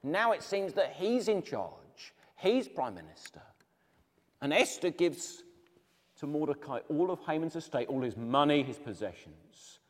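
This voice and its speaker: Animated man telling a Bible story. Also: a little high, measured pace. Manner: animated, dramatic retelling addressing viewers. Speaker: Bible teacher. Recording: reverberant room.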